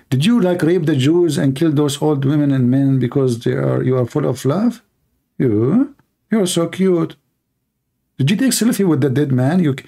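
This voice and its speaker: Male streamer, higher-pitched and mellow, sarcastic and jeering, broken grammar. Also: vocal fry, breathy edge. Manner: sarcastic and mocking, nonstandard English grammar. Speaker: host of a live religious debate stream. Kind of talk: mocking livestream monologue.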